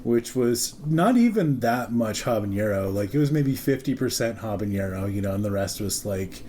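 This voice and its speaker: A man's voice: fairly low pitch, lively intonation, normal speed, dark tone, slight background noise. A young man hosting a podcast, telling a profane, laughing story in casual chat and acting out the people in it. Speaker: podcast host.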